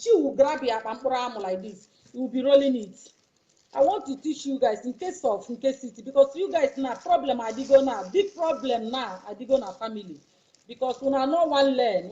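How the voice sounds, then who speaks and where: A woman's voice: a little high, warm tone, lo-fi sound. A woman with a Nigerian accent gives a casual step-by-step demonstration to her viewers. She talks in a coaxing, repetitive way and keeps checking that they are following. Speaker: YouTuber.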